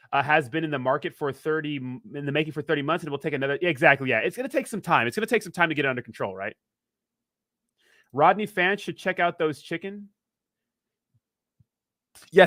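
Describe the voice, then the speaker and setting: A man's voice: a little high, fairly bright tone, no echo, clean studio sound. A man hosting a casual crypto livestream, rambling and joking as he reads viewer comments aloud.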